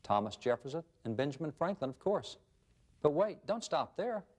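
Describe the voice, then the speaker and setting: A man's voice: fairly high pitch, sing-song, moderate pace, a little mellow. A man speaking as a guest historian, emphatic and fond of lists of rhetorical questions. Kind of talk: interview answers, then scripted narration.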